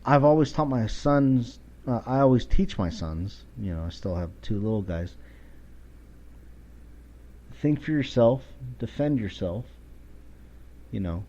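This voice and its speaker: A man around forty talks into a podcast mic in a slow, drawn-out way, with a dark, mellow tone. He rants bluntly and swears freely. The recording sounds dull and a little lo-fi. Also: mid-range voice, expressive. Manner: blunt, profane ranting. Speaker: podcast host. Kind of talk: casual monologue.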